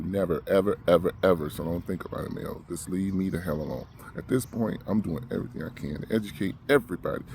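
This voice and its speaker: Man, emotional rant, gravelly, short of breath, faint background hiss. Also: deep voice, fast talker, few pauses, darkish tone. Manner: agitated, repetitive, heated. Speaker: vlogger.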